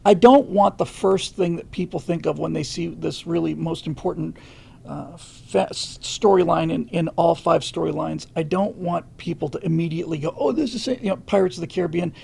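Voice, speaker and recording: A man's voice: fairly high pitch, fairly even intonation, gravelly, a little mellow, husky. A middle-aged man hosting a livestream, chatting casually and reading viewer questions, with many fillers and restarts. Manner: halting, many fillers and restarts, reads viewer comments aloud.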